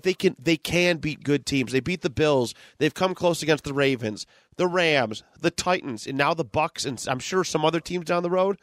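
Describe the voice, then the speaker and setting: A man's voice: fairly high pitch, a bit bright, dry recording, clean studio sound. A man co-hosting a sports podcast, ranting in frustration and swearing as he breaks down a game. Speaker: podcast co-host. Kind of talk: casual sports podcast chat.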